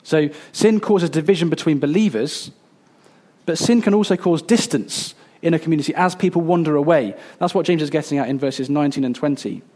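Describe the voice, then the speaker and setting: A man in his thirties preaching a sermon, earnest and a little halting, with fillers and restarts. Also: a little high, dark tone. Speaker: pastor.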